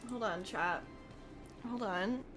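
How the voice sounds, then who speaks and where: A woman's voice: mid-range voice, slow, music in the background. A woman streamer chatting casually with her viewers, chatty and giggly. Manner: chatty, giggly, addresses chat. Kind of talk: casual livestream chat.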